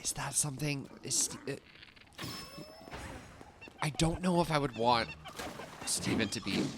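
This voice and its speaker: A man's voice: mid-range voice, unhurried, background noise. A young man chatting casually while he streams a game, rambling with many fillers and swearing now and then at what happens on screen. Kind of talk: casual chat while gaming.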